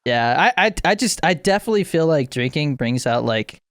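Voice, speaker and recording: A young man chatting casually on a podcast, telling animated stories and acting out quotes, with lots of "like". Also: fairly high pitch, fairly quick, dry recording, studio quality. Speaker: podcast co-host. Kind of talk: casual chat.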